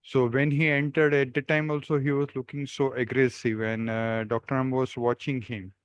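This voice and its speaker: Man, smooth resonant voice, dry close sound, halting plain English, video call co-host. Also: medium pitch, flat delivery, dry recording. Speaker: co-host and storyteller. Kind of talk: telling an anecdote.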